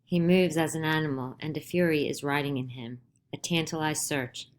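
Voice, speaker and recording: A woman reading the stage directions of a play aloud in a plain, measured way. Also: low voice, steady tone. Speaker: audiobook reader.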